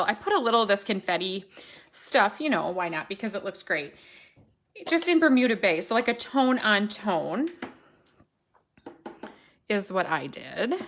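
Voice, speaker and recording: A middle-aged woman talks through a live card-making demonstration. She has a mid-range voice and a chatty, easygoing delivery. She thinks out loud and corrects herself as she works. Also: mid-range voice, a little hiss or hum. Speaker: stamping demonstrator.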